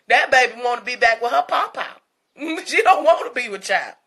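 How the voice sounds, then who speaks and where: A woman host delivers a gossip commentary rant in a bright, somewhat high voice. She is blunt and profane and mocks her targets, breaking into laughter again and again. Her dialect is African American English. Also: very animated, fairly quick.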